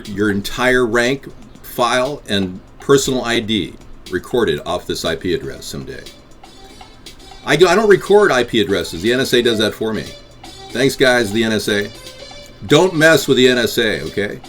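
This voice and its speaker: Male live-stream host, lowish voice, rambling and combative, faint music underneath. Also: a bit bright. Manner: rambling, combative toward chat.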